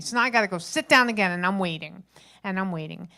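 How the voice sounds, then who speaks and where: A woman, a grandmother around her fifties, tells a chatty, animated stand-up story at an open mic, acting out the people in it. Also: medium pitch, fairly quick. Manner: chatty, animated retelling with acted-out quotes. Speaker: stand-up comedian. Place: open mic stage at a local venue.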